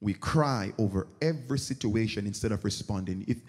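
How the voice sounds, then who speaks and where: This pastor speaks a little fast in a lowish, breathy voice, dramatizing the characters of his sermon stories with lively energy. Long church reverb fills the sanctuary around him.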